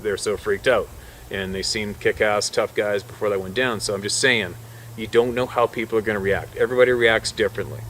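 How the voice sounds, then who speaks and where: A man, a hunting guide, telling a wild story in a casual, animated way and swearing freely. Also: lowish voice, fairly quick, a little hiss or hum. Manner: swearing, animated storyteller who swings between hushed and loud.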